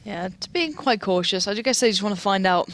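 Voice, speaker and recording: Male game caster, excitable play-by-play, headset, pitch climbs in action. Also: fairly quick. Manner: pitch leaps high in big plays. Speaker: esports commentator. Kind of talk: live esports play-by-play.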